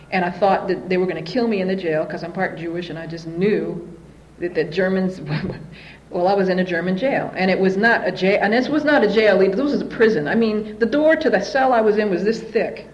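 A woman's voice: medium pitch, a little mellow, dull audio. Candid woman sharing a recovery story. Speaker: speaker sharing her story at a recovery meeting. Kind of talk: personal recovery testimony.

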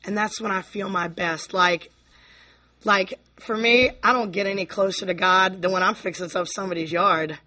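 A woman's voice: mid-range voice, fairly even intonation, moderate pace, bright, forceful tone. A woman from Virginia giving a candid, rambling personal recovery share to a convention audience, full of "you know, like" and drifting between laughter and near tears. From Virginia, USA.

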